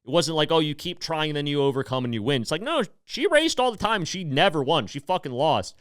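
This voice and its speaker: A man in his thirties hosting a podcast, talking in a rambling, animated way with swearing and emotional swings. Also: a little high, a little fast, clean tone, dry recording, studio quality. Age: 30s. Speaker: podcast host. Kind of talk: casual comedic monologue.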